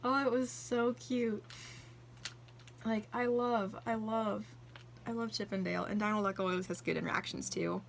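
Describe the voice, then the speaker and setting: A chatty young woman talks her way through a journal flip-through in a gushing vlog style, often acting out bits of dialogue. Her voice sits at an ordinary middle pitch for a woman, with a faint background hiss. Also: fairly even intonation, normal speed, creaky. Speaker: vlogger. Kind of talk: casual chat flipping through a journal.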